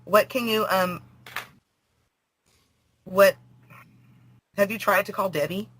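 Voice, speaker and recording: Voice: mid-range voice, fairly even intonation, slow pace, a bit bright, slight background noise, rough recording. A prank caller on the phone, angry, provoking and swearing. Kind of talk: phone conversation.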